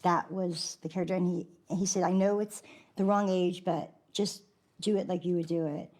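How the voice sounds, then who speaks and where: A woman's voice: on the low side, fairly even intonation, normal speed, a little mellow. A woman being interviewed, an actress chatting about a film role she played, with many likes and restarts. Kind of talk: interview reminiscence.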